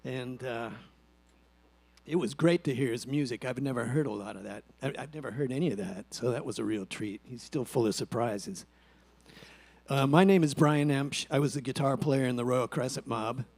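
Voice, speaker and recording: Bandmate at a memorial, warm low tone, steady read, dry close sound. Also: male voice, normal speed, dry recording. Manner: steady, reflective, dry humor. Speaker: eulogy speaker, former bandmate. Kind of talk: prepared memorial speech.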